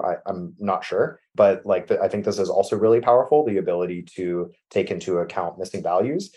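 A man guest on a tech podcast, explaining machine learning practice in a casual, filler-heavy way over a remote call. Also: low voice. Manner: casual, many fillers like "like" and "you know", trails off softly at sentence ends. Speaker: MLOps architect guest. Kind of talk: conversational technical explanation.

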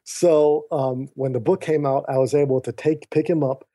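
A man's voice: fairly high pitch, moderate pace. A man guesting on a podcast, earnestly recounting a personal story and acting out the dialogue over a remote call. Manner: earnest, animated retelling with quoted dialogue. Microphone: remote call mic.

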